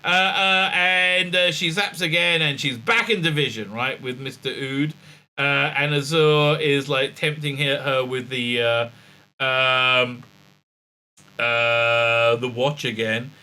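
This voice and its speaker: Bright-voiced sarcastic male reviewer. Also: fairly even intonation, takes it slowly, clean tone. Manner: sarcastic, rambling, acts out quotes in high squeaky voices; many fillers and hesitations. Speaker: reviewer and show host. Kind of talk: casual review recap.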